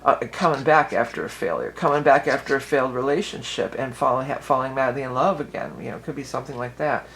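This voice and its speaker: A woman's voice: very deep voice, quick pace, creaky, few pauses, a bit bright, slight background noise, poor audio. A woman giving a casual tarot and astrology reading for her viewers, chatty and rambling, often restarting her sentences and laughing easily.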